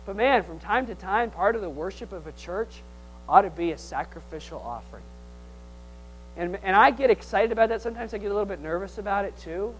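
A male pastor preaching a sermon, swinging from loud exhortation to hushed tones, with teasing humor and call-and-response. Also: sits high, lively intonation, fairly quick, slight background noise, low-quality recording.

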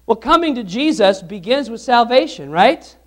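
A man's voice: extremely high pitch, very animated, moderate pace. A man preaching a sermon as pastor, asking the congregation questions and repeating phrases for emphasis.

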